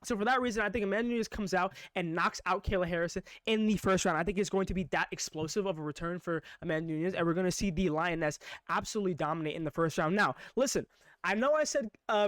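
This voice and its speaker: A hyped man breaks down upcoming fights in a rapid-fire, excitable stream of talk. His voice sits high for a man and the words tumble out quickly. The sound is close and dry, with no room echo. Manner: excitable, rapid-fire hype with repeated emphatic phrases. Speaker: MMA reaction vlogger. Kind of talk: live unscripted fight breakdown. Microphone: own microphone.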